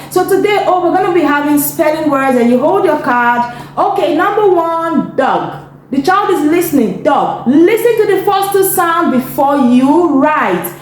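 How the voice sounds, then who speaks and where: A woman with a Nigerian accent teaches reading in a high voice and an unhurried pace. She drills sounds, asks leading questions, answers them herself and cheers often. The recording is very echoey with a faint hiss. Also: darkish tone. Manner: encouraging, frequent praise. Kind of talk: instructional video lesson. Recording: echoey room, faint background noise.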